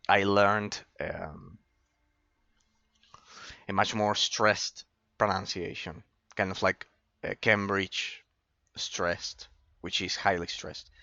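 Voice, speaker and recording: A male gamer talks his way through a session in an unhurried drawl. His voice sits a bit low but rings bright and forward. He muses aloud, stumbles into fillers and drops casual swear words. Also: vocal fry, dry recording, lo-fi sound. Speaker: gameplay commentator. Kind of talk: casual let's-play commentary.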